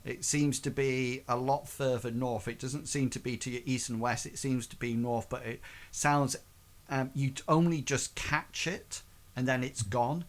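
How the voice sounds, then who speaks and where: Game master, male, mid-pitched, halting delivery full of restarts. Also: fairly even intonation. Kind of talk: narrating a tabletop game.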